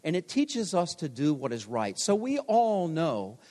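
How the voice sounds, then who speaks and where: A man in his sixties delivers a chapel sermon, mixing personal stories with gentle jokes at his own expense. His speaking voice sits fairly high for a man. The sound rings out with a long reverb from the large chapel around him. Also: wildly swooping pitch, unhurried. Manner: storytelling, self-deprecating humor. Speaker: pastor.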